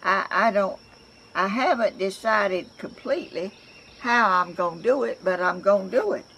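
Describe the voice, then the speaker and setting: A woman's voice: medium pitch, normal speed, gravelly, a bit bright, slight background noise. An older woman with a Southern accent, chatting to camera in a rambling, homey way as a crafts vlogger, often restarting her sentences, outdoors at home. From Georgia, US. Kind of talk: casual chat to camera.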